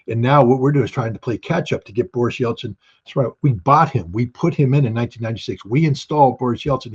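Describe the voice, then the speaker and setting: A guest commentator with a husky, slightly rough, darkish voice argues his points bluntly in an opinionated interview, swinging between punchy emphasis and quick asides and using rhetorical questions. The audio is dull and lo-fi, as though the highs were shaved off.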